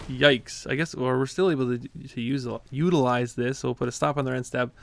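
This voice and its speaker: A man's voice: mid-range voice, fairly even intonation, fairly quick, vocal fry. A man giving live commentary on his own card game play, chatty and easily flustered, laughing often. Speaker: gaming content creator.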